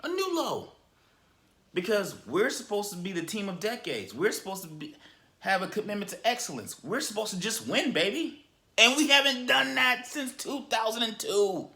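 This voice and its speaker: Guy ranting about his team, fired up, punchy bright voice, keeps repeating himself. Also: high voice, moderate pace. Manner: animated and emphatic, repeats and restarts words. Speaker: sports fan vlogger. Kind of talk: casual sports rant.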